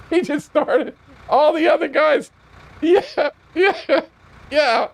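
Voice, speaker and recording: A man's voice: very high voice, slow, vocal fry, long pauses. A man streaming a video game while telling a heated, profane story, often laughing.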